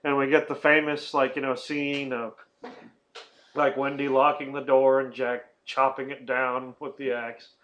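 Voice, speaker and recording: A man's voice: mid-range voice, level tone, a little slow, fairly bright tone, dull audio. A man hosting a casual movie-review podcast, rambling and swearing, often laughing and acting out silly quotes. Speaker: podcast host.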